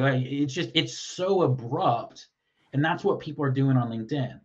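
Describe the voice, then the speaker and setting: A man's voice: mid-range voice, normal speed. A man with a Texan accent, a guest in a casual interview, who talks animatedly and acts out the messages he quotes. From Texas. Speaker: podcast guest, LinkedIn lead generation expert. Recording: slightly dull lo-fi audio.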